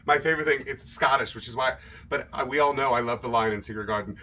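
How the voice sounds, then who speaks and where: Between show tunes, a livestream host and singer banters with his viewers, cracking self-deprecating jokes and chatty asides. His medium-pitched voice is quick, pushed and bright.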